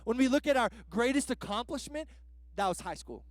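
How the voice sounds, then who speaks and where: Man preaching a sermon, very high voice, casual and slangy, dry close sound. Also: animated, fairly quick, no echo. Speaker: guest pastor.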